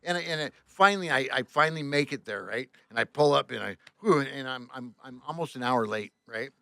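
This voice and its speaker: Bright-voiced man telling a wild road story. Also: mid-range voice, fairly quick, creaky, no echo, studio quality. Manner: animated, swears often, acts out voices, many restarts. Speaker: tour bus driver. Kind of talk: casual storytelling.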